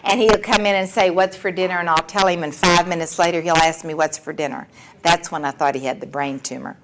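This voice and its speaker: A woman's voice: lowish voice, steady tone, quick pace, fairly bright tone, low-quality recording. A woman in her sixties sharing her personal story at a recovery meeting, candid and wry, laughing often as she talks. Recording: recording with clear background noise.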